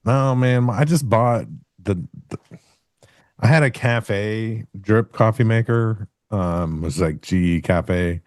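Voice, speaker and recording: Teasing co-host, man, very low voice, dry close sound, deadpan delivery. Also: no room sound. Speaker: co-host trader. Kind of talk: casual live trading-show chat.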